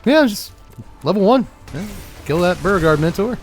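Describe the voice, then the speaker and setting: With faint music playing behind him, a card game channel host delivers dry, jokey commentary on the gameplay and chuckles a lot. His voice sits high and is expressive, at a normal speed.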